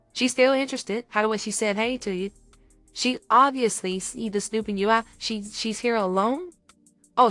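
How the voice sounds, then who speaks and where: A woman's voice: medium pitch, dry recording. A young woman co-hosting a podcast, chatting casually and acting out little dating scenes as she talks. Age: young adult. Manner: animated, acts out little scenes. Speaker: podcast co-host.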